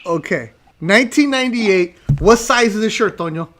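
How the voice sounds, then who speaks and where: A man's voice: sits high, animated, normal speed, fairly bright tone. A man hosting a podcast in casual chat, teasing his guest and repeating his commands. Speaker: podcast host.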